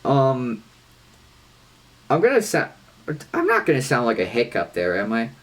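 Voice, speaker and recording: A man's voice: medium pitch, wildly swooping pitch, unhurried. A man co-hosting a podcast in casual chat, talking loosely with lots of fillers and casual swearing. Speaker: podcast co-host.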